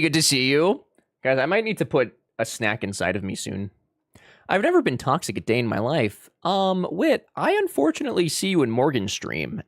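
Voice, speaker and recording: A man's voice: medium pitch, a bit bright, no echo, studio quality. A man streaming a game, chatting with his viewers in a playful, teasing way. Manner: playful, teasing, jokey banter. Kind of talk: casual live-stream chat with viewers.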